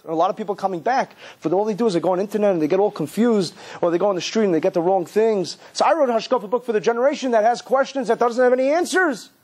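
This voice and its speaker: High-voiced, emphatic man giving a sermon. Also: slightly rough. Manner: animated storyteller, emphatic repetition. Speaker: rabbi. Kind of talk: sermon-style lecture.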